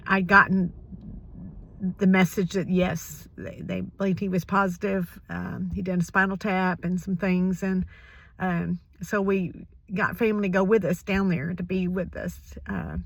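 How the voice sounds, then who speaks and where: An older woman speaks in an emotional, halting way, and her voice often drops to a hushed whisper. The sound is dry and close, with no room echo around it. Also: on the low side. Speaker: vlogger sharing a personal story. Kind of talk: personal spoken reflection.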